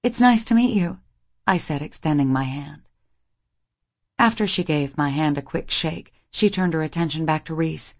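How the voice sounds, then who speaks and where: A young woman narrating a first-person romance audiobook in an intimate, even manner. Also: low voice, moderate pace.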